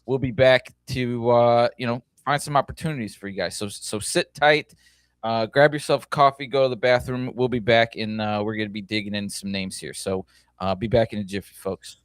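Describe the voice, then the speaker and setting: A man co-hosting a trading show, talking in a relaxed, chatty way with many fillers. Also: mid-range voice, normal speed, clean tone, no room sound. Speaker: co-host. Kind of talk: casual show chat.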